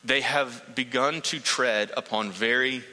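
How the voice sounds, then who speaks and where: A man's voice: medium pitch, unhurried, sharp tone, big-room sound, poor audio. A man preaching a sermon, earnest and emphatic, building points through repetition.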